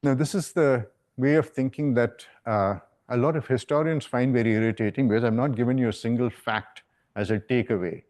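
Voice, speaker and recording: A man's voice: mid-range voice, a little fast, darkish tone. A man giving an academic lecture, a professor talking in a discursive way and often checking in with "right?". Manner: discursive, frequent "right?" tags. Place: lecture hall.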